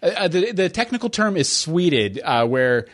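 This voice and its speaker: A man's voice: high voice, big pitch swings, normal speed. A man co-hosting a casual podcast, rambling through plans with frequent fillers and easy laughter. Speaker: podcast host.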